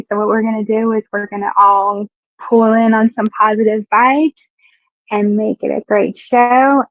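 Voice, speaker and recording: A frank, chatty Southern woman from Southeastern Kentucky hosts a casual live-stream talk show, greeting viewers by name. Her medium-pitched voice comes through muffled and dry, with no room sound, as it's recorded at home.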